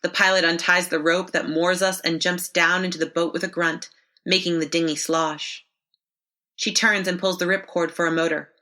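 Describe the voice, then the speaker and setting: A woman reading a horror story in the first person, measured and expressive. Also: on the low side. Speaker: story narrator. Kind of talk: scripted first-person narration.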